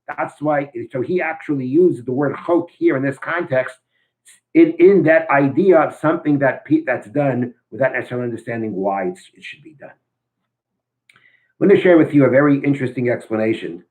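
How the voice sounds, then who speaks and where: A man's voice: mid-range voice, darkish tone, rough recording. A man teaching a weekly Torah class, explaining ideas and reading a story aloud, often thinking aloud as he goes.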